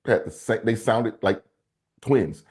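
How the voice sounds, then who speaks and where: A man co-hosting a podcast in casual chat, joking around and quick to laugh. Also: lowish voice, animated, darkish tone. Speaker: podcast co-host.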